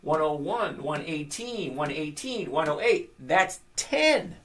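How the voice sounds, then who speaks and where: Blunt trading host, sarcastic and mocking, swinging pitch, screen-share market commentary. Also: very animated, takes it slowly, fairly bright tone, a little hiss or hum. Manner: sarcastic and mocking, laughs at the numbers; blunt and opinionated.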